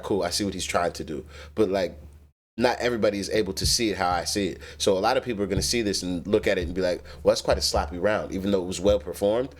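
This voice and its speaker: A man hosting a reaction video, giving casual, analytical commentary in a loose way with lots of fillers. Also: fairly low pitch. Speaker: reaction host.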